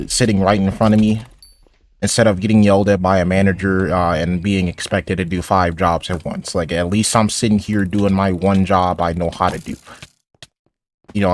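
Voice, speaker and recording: A teenage boy with a low voice rambles through stories while he plays a game. He restarts his sentences often and drops in sarcastic asides. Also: slight background noise. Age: teens. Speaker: gaming YouTuber. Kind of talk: casual commentary over gameplay.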